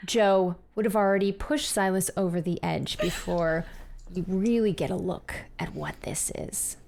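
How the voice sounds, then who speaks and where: A woman running a tabletop horror game as game master, narrating scenes in a dramatic, drawn-out way. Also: fairly low pitch, gravelly, a little mellow, a little hiss or hum.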